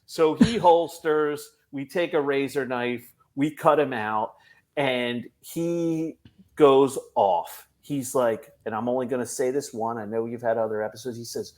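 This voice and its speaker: A man with an ordinary mid-range voice tells a funny work story on a podcast. He is animated and laughs through his own telling. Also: mid-range voice, measured pace. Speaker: police officer guest.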